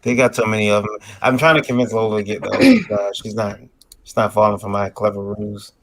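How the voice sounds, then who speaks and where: A man with a gravelly, husky voice chats loosely on a livestream. His pitch jumps around a lot, and he rambles through fillers while showing toys to the camera. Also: expressive, brisk, dry recording. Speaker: co-host of a crowdfunding livestream. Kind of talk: casual livestream chat.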